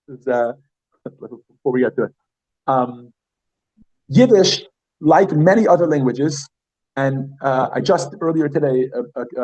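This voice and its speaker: A man's voice: on the high side, darkish tone, slightly rough, poor audio. Man teaching a chatty class. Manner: chatty, repeats words slowly, asks the class questions. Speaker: Yiddish teacher. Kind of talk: classroom lesson.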